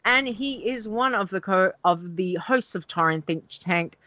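A woman's voice: medium pitch, lively intonation, measured pace, pushed and bright, no echo. Upbeat woman podcast co-host, dry sound. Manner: upbeat and teasing, spells out handles. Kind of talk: casual podcast sign-off chat.

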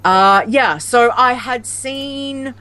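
A woman's voice: a little high, very slow, sharp tone. A woman guest on a gaming podcast, telling stories in a giggly, rambling way over a remote call. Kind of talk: casual chat about gaming.

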